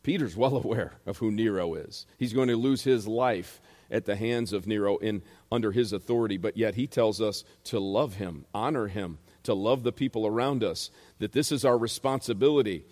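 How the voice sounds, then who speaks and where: A man's voice: mid-range voice, a little mellow. A man preaching a sermon as pastor, emphatic, repeating phrases and asking rhetorical questions. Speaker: pastor and Bible teacher. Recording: reverberant hall.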